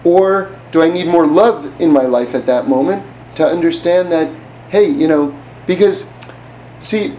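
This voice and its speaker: A man's voice: a little high, unhurried, mellow, highs cut off, slight background noise. A man giving an informal religious class in a conversational way, often asking the listener rhetorical questions. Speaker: Torah teacher.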